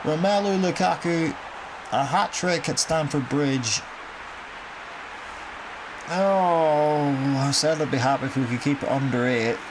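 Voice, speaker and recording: A young man talks over his football game in a casual, wry way, sighing at goals and swearing now and then. His voice is gravelly with fry at the ends of phrases. There is clear noise behind him throughout the recording. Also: on the high side, slow pace, long pauses. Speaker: gaming commentator.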